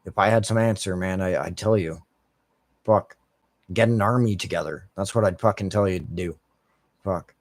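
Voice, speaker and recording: A young Canadian gaming streamer rants casually to his chat while playing, frustrated and swearing nonstop. His deep voice moves at normal speed with long pauses, on a dry recording.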